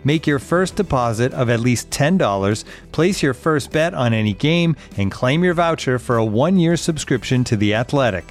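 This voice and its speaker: A man's voice: medium pitch, expressive, normal speed, faint music behind. A man reading a sponsored advertisement, rattling off disclaimers. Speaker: ad reader. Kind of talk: read advertisement.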